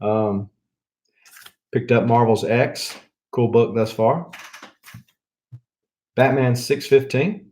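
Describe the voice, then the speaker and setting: A man's voice: mid-range voice, darkish tone. A man with a Southern US accent, chatting casually in a rambling way while he shows off a haul of comic books. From Mississippi. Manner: rambling, chuckling, drawn-out fillers. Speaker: comic book channel host.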